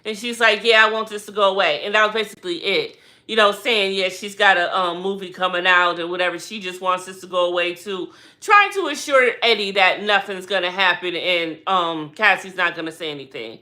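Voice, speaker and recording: A woman vlogger giving a casual, animated recap with slangy talk and lots of rhetorical asides. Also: lowish voice, fairly quick, hardly any pauses.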